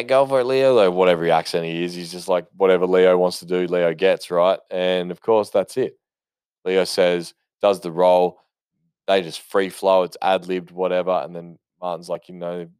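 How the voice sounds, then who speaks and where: Man, very low and smooth voice, dry close sound, casual movie chat, rambling and profane. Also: little pitch movement, normal speed, a little mellow, dry recording. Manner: rambling, profane, enthusiastic storytelling with many fillers. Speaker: movie commentator. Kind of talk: casual spoken movie commentary.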